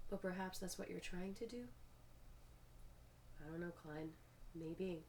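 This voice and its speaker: A woman's voice: lowish voice, a little slow, pauses often, a little mellow. A woman hosting a video, reading public comments aloud and breaking off with frustrated asides of her own.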